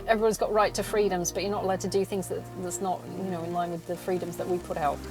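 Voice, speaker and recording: A woman's voice: medium pitch, poor audio. A woman hosting a solo podcast from her car, ranting in casual chat, swearing and laughing between points. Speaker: podcast host.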